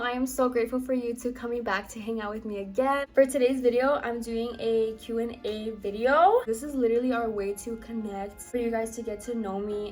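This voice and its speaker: A woman in her twenties, a home baker, chatting to camera for her vlog in a bubbly, fast, gushing way. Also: fairly high pitch. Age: 20s. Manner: bubbly, talks fast and gushes. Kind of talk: casual chat to camera.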